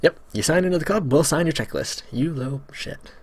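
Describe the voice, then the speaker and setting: A man voicing a pushy, nerdy young club leader in a slow, deliberate put-on voice while playing a visual novel. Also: on the high side, animated, slightly rough, pitched above the performer's own voice. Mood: sneering.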